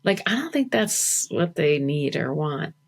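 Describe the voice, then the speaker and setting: A chatty woman speaking as a guest on a podcast, her voice sitting a little low. She talks in a loose, casual way, dropping "like" between her thoughts. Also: very animated, a little slow, gravelly. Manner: chatty, lots of "like" fillers. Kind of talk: casual conversation.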